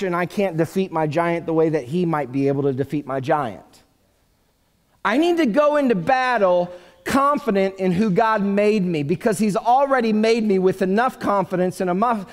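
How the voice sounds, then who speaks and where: A male pastor preaching a sermon in a church, telling the story in an animated, joking way. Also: high voice. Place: church sanctuary. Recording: long church hall reverb.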